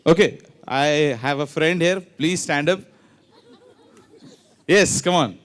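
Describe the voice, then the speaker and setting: A man with a fairly high voice speaks slowly as he hosts a ceremony in a large hall. He's a lively emcee running a quiz game, playfully teasing teachers with tongue twisters and moving between English and Hindi.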